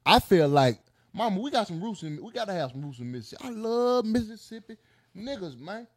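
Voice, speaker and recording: A man hosting a casual podcast chat, teasing, animated and prone to loud bursts. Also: high voice, brisk, no echo, studio quality. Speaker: podcast host.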